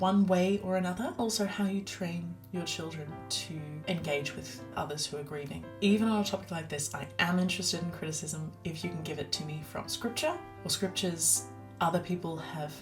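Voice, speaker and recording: Soft-spoken low-voiced woman podcast host. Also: moderate pace, music in the background. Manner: soft, often breaking into a hushed, whispery voice; earnest and personal, quoting scripture. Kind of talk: reflective solo podcast monologue.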